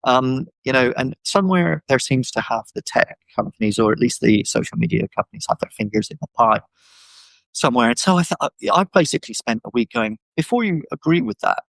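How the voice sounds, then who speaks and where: A man speaking as a podcast guest over a video call, animated and full of fillers, often acting out what others said. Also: medium pitch, a little fast, gravelly, no room sound, low-quality recording. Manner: animated, acts out quoted voices, many fillers. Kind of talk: casual conversational discussion. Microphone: video call microphone.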